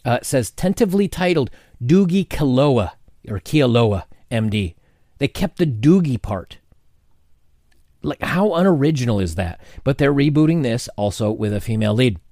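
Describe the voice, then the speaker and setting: A man hosting a casual opinion commentary video to camera, animated and sarcastic, with frequent restarts. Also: medium pitch, moderate pace, dry recording, clean studio sound. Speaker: commentary channel host. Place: home setting with changing sunlight.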